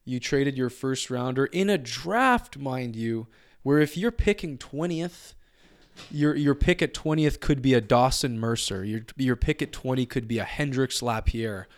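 A man's voice: mid-range voice, a little slow. A man co-hosting a casual sports podcast, blunt and offhand, swearing now and then. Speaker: podcast co-host.

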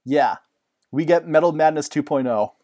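A man in casual chat, excitable and rambling, often laughing. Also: fairly high pitch, moderate pace.

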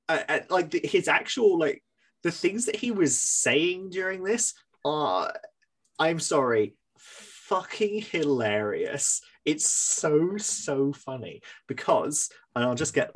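A man hosting a casual podcast chat, telling a story in an animated way, laughing and swearing as he goes. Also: on the high side, slow. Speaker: podcast host.

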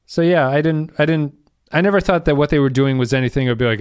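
A man's voice: a little high, quick pace, clear, resonant tone, dry recording, studio quality. A man co-hosting a casual podcast discussion, thinking aloud and reading out listener comments. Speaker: podcast co-host.

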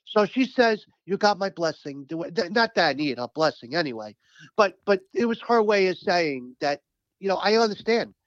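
A man speaking as a union representative, telling stories in an animated, emphatic, profane way during a casual interview. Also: high-pitched, normal speed, no echo, highs cut off.

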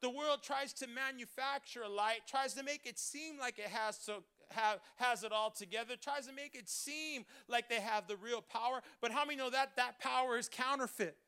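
A man preaching a Christmas sermon as pastor, calling the congregation to repeat after him and rising to shouts. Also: extremely high pitch, moderate pace, hardly any pauses, clean tone. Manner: preaching with congregation call-and-response, building to shouts. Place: church Christmas service.

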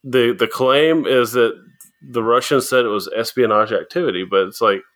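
A man's voice: medium pitch, normal speed, fairly bright tone. A man co-hosting a podcast, chatting casually and hedging with fillers. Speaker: podcast co-host. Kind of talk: casual chat.

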